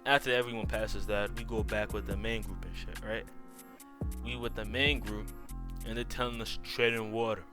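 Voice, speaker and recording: A man with an African accent tells a casual storytime in a low voice, slangy and profane. He rambles and keeps checking in with the listener. Faint music plays behind him. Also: steady tone, moderate pace. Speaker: YouTube storyteller.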